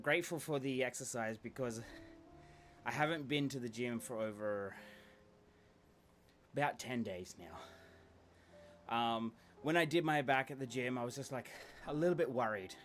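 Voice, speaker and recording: A man's voice: on the high side, fairly bright tone. A man live-streaming in casual chat, thanking viewers and counting out reps, out of breath after exercise. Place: indoors at home, small space.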